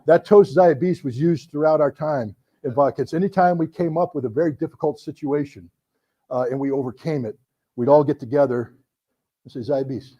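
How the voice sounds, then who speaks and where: A middle-aged man telling a story to an audience, animated, acting out the voices in his anecdotes. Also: mid-range voice, fairly quick, husky. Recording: dull lo-fi recording.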